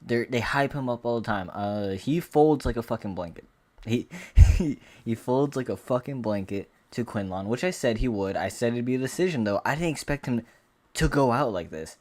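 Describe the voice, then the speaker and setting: A man's voice: mid-range voice, animated, brisk, darkish tone. A man giving a casual fight recap rant as an MMA commentator, profane, boastful and rambling.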